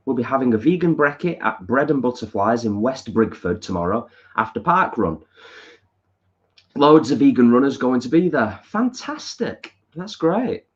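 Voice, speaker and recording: A man's voice: mid-range voice, expressive, normal speed, dull audio. A man with a northern English accent co-hosting a casual live stream from his lounge, reading viewer comments aloud and answering them. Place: home lounge.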